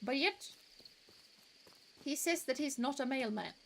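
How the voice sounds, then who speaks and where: A woman's voice: high-pitched, animated, measured pace, gravelly, slight background noise. A woman streamer who laughs often and chats playfully while playing a game. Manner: giggly, playful, reads game dialogue aloud. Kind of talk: casual let's-play commentary.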